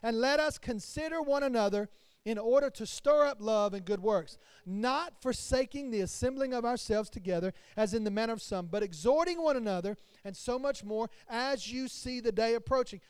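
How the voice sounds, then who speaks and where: High-voiced man preaching a sermon. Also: normal speed, smooth, no echo. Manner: preaching to a congregation, rising and falling in loudness. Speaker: pastor.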